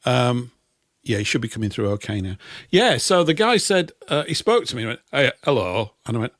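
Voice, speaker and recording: A man's voice: medium pitch, big pitch swings, brisk, a bit bright, dry recording. A man in his fifties with a Yorkshire accent, co-hosting a casual radio chat and telling rambling anecdotes with dry, self-mocking humour. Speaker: co-host.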